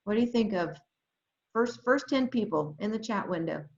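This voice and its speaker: A woman leading an adult education webinar, talking to teachers with lots of excitement and reading chat replies aloud over a computer microphone. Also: medium pitch, normal speed. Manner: enthusiastic, exclamatory, reads chat aloud. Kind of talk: webinar presentation. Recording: roomy, slightly dull webinar audio.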